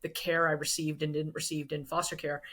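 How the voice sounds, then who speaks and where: A woman's voice: deep voice, flat delivery, a little fast, fairly bright tone. A woman guest in a casual interview, speaking earnestly and thoughtfully, often restarting her sentences. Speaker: guest author.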